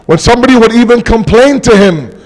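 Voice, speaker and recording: A man's voice: extremely high pitch, expressive, a little mellow. Impassioned man preaching in an echoing hall. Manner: impassioned, slows down for emphasis. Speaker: majlis speaker. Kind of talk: mourning sermon. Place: large mosque hall. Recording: long mosque hall reverb.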